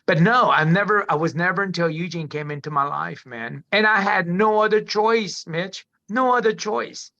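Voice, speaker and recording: A man's voice: high voice, normal speed, vocal fry, few pauses, sharp tone. A middle-aged man, a podcast guest, telling his life story candidly in a rambling way, restarting sentences and calling the host "man" often. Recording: dull lo-fi audio.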